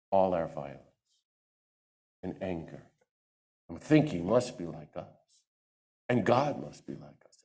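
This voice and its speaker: A man giving a lively talk to a church audience into a microphone, acting out the voices he quotes. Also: deep voice. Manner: animated, acts out quoted voices. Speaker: guest speaker.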